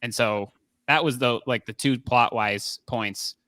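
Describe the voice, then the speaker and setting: A man's voice: mid-range voice, a little slow, pushed and bright, dry recording. A man co-hosting a movie podcast, talking casually with lots of fillers and restarts. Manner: rambling, many fillers and restarts. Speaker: podcast co-host. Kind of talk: casual movie review chat.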